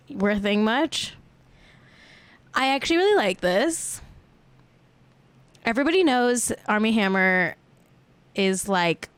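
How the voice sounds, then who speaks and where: A woman's voice: medium pitch, no room sound. A woman hosting a casual celebrity gossip livestream, playful and self-mocking. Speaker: host.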